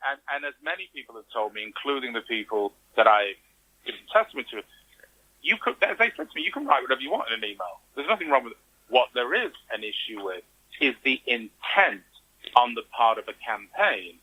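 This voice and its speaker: A man appears as a guest in a conversational interview, telling a story with lots of energy and acting out the reactions he quotes. His mid-pitched voice is bright and forward with a husky texture, and the recording quality is poor.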